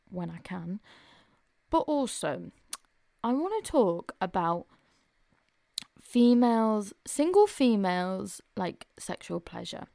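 Frank gravelly-voiced woman podcaster. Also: lowish voice, a little mellow, no echo, studio quality. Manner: frank and open, chatty with frequent fillers. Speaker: podcast host. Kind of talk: casual confessional chat.

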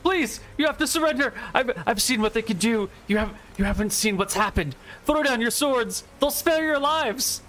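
A man doing a panicked high-voiced monk. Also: animated, normal speed, hardly any pauses, fairly bright tone. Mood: pleading. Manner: high, urgent, begging. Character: frightened pleading male monk.

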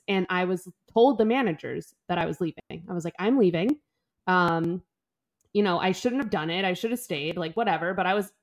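A young woman co-hosting a podcast, telling a story in an animated, casual way, full of "like" and the odd swear. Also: lowish voice. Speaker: podcast co-host. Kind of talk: casual chat.

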